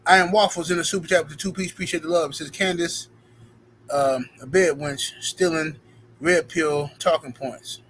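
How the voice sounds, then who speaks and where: A man's voice: fairly high pitch, moderate pace, slight background noise, low-quality recording. A man hosting a live stream, talking casually and reading viewer super chats aloud with emphatic, playful banter. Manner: animated, reads out super chats and thanks donors; emphatic, playful street talk.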